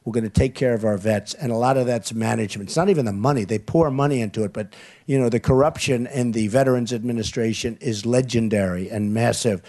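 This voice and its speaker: A man's voice: medium pitch, quick pace, darkish tone. A man speaking as a political candidate at a campaign event, repeating lines and leaning on superlatives. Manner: repetitive, boastful superlatives. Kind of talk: campaign rally speech.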